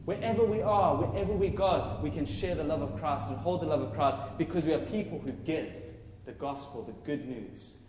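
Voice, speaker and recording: A man preaching a sermon with loud, passionate, exclaiming delivery. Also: on the high side, moderate pace, slight background noise. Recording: echoey hall, faint ambience.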